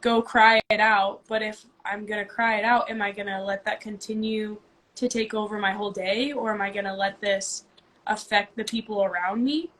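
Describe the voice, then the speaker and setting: A woman's voice: medium pitch, steady tone, moderate pace, a bit bright. A woman co-hosting a casual live-stream chat, talking earnestly and thinking aloud as she coaches a kids' team. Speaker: co-host and youth basketball coach.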